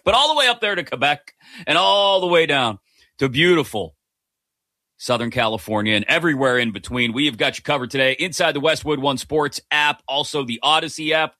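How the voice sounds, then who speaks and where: A man hosting a live sports talk radio show, upbeat and energetic as he runs through the day's stories at a studio microphone. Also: medium pitch, no room sound. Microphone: close studio microphone.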